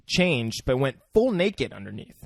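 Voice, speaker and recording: A man's voice: mid-range voice, big pitch swings, a little slow, vocal fry, no echo, studio quality. A man co-hosting a podcast, casually chiming in with comments and short agreements. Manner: laid-back, chiming in with short replies. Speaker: podcast co-host. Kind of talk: casual chat.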